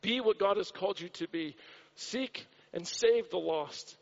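American pastor, high voice, repetitive storyteller, muffled church recording. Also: male voice, measured pace, creaky. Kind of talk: sermon. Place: church hall. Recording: dull recording with long hall reverb.

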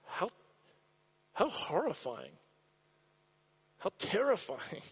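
A man's voice: high-pitched, wildly swooping pitch, slow pace, breathy edge. A man from the United States preaching a sermon in a church, telling a story with dramatic repetition. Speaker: pastor. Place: church hall. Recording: dull recording with long hall reverb.

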